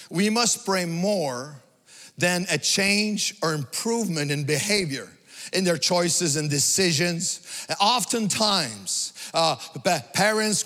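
Preacher, male, high bright voice, sing-song delivery, big hall echo. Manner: emphatic, sing-song preaching with swings from loud to hushed. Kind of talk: sermon. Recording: long hall reverb.

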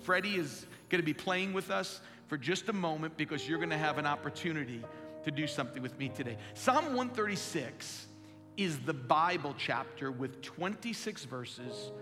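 A pastor preaching a sermon to his congregation in a large church, emphatic and animated, asking the crowd questions. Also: fairly high pitch, normal speed. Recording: long hall reverb with live music behind. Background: instrumental music.

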